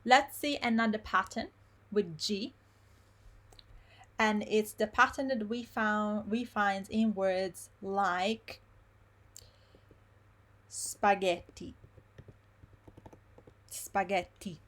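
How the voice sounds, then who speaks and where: A woman teaching pronunciation in a live online lesson, repeating words slowly syllable by syllable. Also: mid-range voice, a bit bright. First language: Italian. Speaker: Italian teacher.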